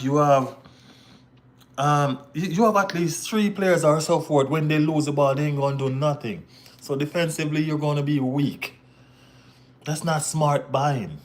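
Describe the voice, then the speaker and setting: A man hosting a casual football live stream, talking straight to his chat viewers. He banters and teases. He keeps dropping "you know what I mean" and "bro" as he answers them. His voice sits at an ordinary middle pitch. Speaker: football channel host reading live chat.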